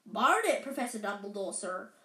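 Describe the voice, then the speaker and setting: A woman voicing a huge, gentle male giant who sniffles through rough, apologetic lines, read aloud from a storybook in an echoey room. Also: medium pitch, sing-song, brisk. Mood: earnest.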